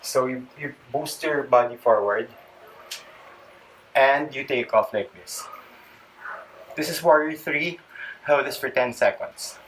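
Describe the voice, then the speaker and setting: A Filipino-accented fitness vlogger talks slowly in a medium-pitched, fairly bright voice, leaving long pauses as he demonstrates yoga stretches. His tone is chatty with jokey asides, and he's a little breathless. The distant mic picks up faint background noise.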